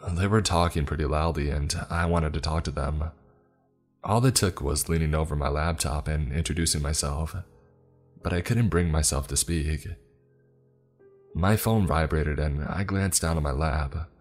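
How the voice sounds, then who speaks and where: A man narrating a scripted first-person story in a steady, even way. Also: extremely low pitch, moderate pace, faint music behind.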